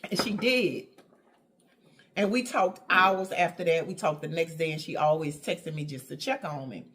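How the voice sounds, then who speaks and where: A woman vlogging about her home decorating channel, telling a story with laughs and excited squeals, going soft and slow when she is touched. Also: low voice. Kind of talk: casual vlog talk.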